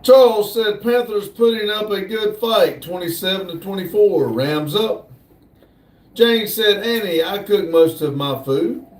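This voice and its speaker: A man hosting a casual livestream, slowly reading viewer comments aloud in a drawl. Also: high voice. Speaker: livestream host reading chat. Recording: echoey room, distant mic.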